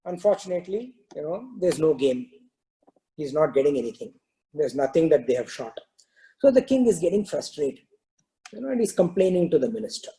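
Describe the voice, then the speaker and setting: A man telling a parable during a spiritual talk, in a relaxed storytelling manner with many "you know" fillers. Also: on the high side, a little fast, poor audio. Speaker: spiritual discourse teacher.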